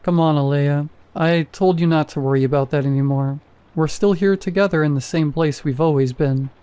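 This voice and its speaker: A man voicing a calm, gentle husband who soothes his worried wife in a spoken horror story. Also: on the high side, normal speed, smooth, no echo, close to an everyday voice. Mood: soothing.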